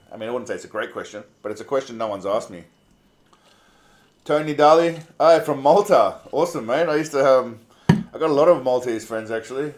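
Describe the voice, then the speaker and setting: An Australian man with a mid-range, slightly mellow voice hosts a casual livestream. He reads viewer comments aloud in a relaxed, chatty way, swearing freely and calling people mate.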